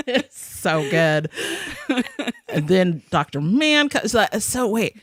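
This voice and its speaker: Her voice fairly low and very animated, a young podcast host talks slowly with long pauses while recapping an episode. She rambles, giggles, and acts out quotes in this casual chat, recorded dry at studio quality.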